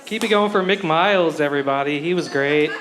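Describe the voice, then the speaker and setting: A man doing a stand-up comedy set on a club stage, telling deadpan one-liners and self-deprecating jokes into a handheld mic. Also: on the high side, fairly quick, background noise.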